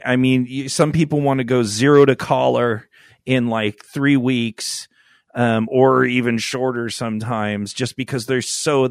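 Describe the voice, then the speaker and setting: A man co-hosting a podcast, talking casually, profane and rambling, with excitable bursts. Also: medium pitch, no echo, clean studio sound. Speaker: podcast co-host. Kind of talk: casual crude podcast banter.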